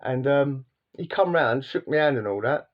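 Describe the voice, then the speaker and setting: A man vlogs casual stories in a rambling, slangy monologue full of repeats and restarts. His mid-range voice is animated and moderately paced, and the recording has its highs cut off.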